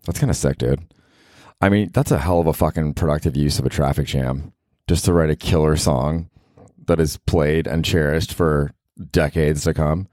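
A man's voice: very deep voice, steady tone, normal speed, darkish tone, dry recording, studio quality. A man hosting a solo comedy podcast, rambling casually in a slangy, laid-back way.

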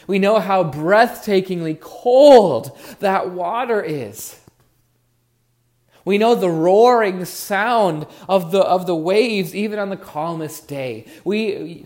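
A man's voice: high-pitched, a little mellow. A man preaching a sermon as pastor, earnest and musing, leaning on words for emphasis. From Oregon.

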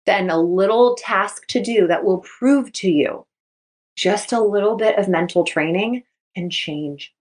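Upbeat coach lady in her 30s chatting on her podcast, middle pitch, talks fast and lively. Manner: upbeat, chatty, acts out quotes. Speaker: sports mindset coach and podcast host. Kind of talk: casual solo podcast talk.

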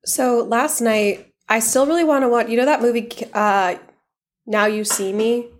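A woman's voice: fairly high pitch, fairly even intonation, a little slow. A woman co-hosting a book podcast in casual chat, recapping a movie in a conversational way. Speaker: podcast co-host.

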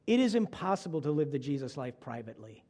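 High-voiced, mellow male preacher. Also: fast, big-room sound. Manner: storytelling with animated dialogue. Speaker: pastor. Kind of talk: sermon.

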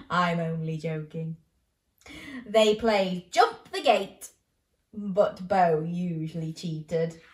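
A woman's voice: lowish voice, takes it slowly, echoey room. A woman hosting a children's show, reading a bedtime story aloud playfully and asking the listener questions.

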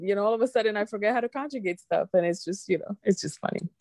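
A woman from the Dominican Republic co-hosting a podcast, telling stories in a giggly, animated way. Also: mid-range voice, racing, hardly any pauses, dry recording, clean studio sound. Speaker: podcast co-host. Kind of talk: casual chat.

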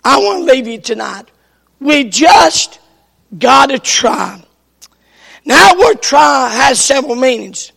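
A man preaching a sermon at a slow, deliberate pace, his voice pitched unusually high and gravelly. He is clearly strained and coughing now and then, yet he hammers the same refrain and builds to shouts. The sound hangs in a long church reverb. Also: big pitch swings. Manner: emphatic, repeats his refrain, rises to shouts. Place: church sanctuary.

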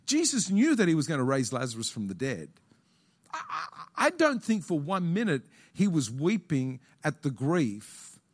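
A male pastor preaching a sermon in an auditorium, repeating key phrases and putting questions to the congregation. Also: a little high.

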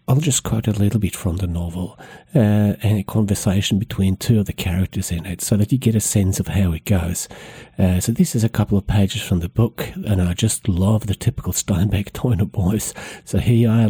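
A man hosting a history podcast, telling the story in a measured way with small hesitations. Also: fairly low pitch, warm tone, slightly rough, dry recording.

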